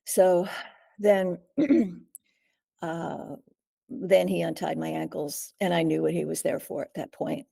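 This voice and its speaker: An older woman, an interview guest, recounting a personal ordeal in an earnest, halting way, often clearing her throat and pausing. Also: lowish voice, fairly even intonation, dark tone. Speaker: guest, survivor and author.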